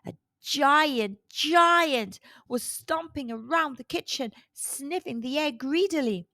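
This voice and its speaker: A woman reads a children's storybook aloud, slow and expressive. Her voice is fairly high and moves a lot in pitch. The recording is close and dry. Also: vocal fry, no echo.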